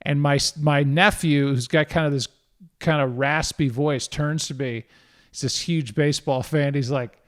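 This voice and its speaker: A middle-aged man, a guest broadcaster, telling a story in casual chat with a lively, self-deprecating manner. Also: on the high side, moderate pace.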